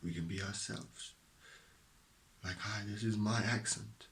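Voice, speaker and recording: A man giving a slow, meditative spiritual talk at home, drifting between soft whispers and a fuller voice, with a mixed accent from living all around the world. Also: lowish voice, steady tone. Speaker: spiritual teacher. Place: at home beside his stove.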